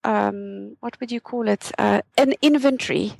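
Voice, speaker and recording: A woman guest on a podcast, calmly explaining practical tips as a career coach. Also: medium pitch, measured pace, creaky, dry recording. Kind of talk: casual podcast interview. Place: remote call.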